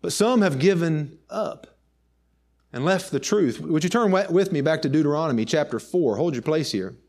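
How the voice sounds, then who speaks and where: A man's voice: fairly high pitch, animated, normal speed, darkish tone. A man preaching a sermon with emphasis, reading old scripture aloud.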